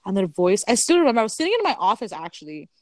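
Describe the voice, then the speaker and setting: A young woman from Canada chatting casually, telling a story in an animated way, acting out her own quotes and laughing often. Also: medium pitch, rapid-fire, dry recording. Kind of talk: casual chat.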